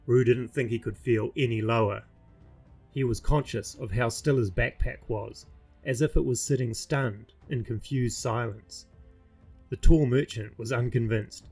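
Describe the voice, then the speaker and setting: A man reading his own fantasy novel aloud in a steady, measured storybook narration. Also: mid-range voice, creaky, breathy edge, soft background music.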